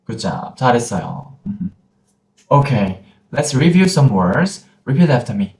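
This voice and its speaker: A man with a Korean accent teaching pronunciation in a gentle lesson, repeating each sound slowly. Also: medium pitch, sing-song. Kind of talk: slow, patient pronunciation lesson. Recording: roomy echoey room.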